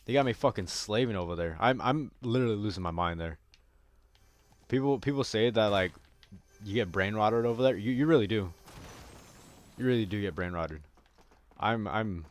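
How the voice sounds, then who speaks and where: A young man giving casual, profane gameplay commentary, often bursting into yells. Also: on the low side, moderate pace, pauses often. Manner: profane, excitable, bursts into yelling. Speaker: gaming video creator.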